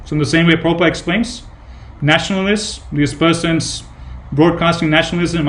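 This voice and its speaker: Guy preaching a temple class, slightly high voice, keeps repeating points, lots of um and you know. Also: a little fast. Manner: repetitive, emphatic storytelling with fillers. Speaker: speaker giving a scripture class. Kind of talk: devotional sermon with retold anecdotes.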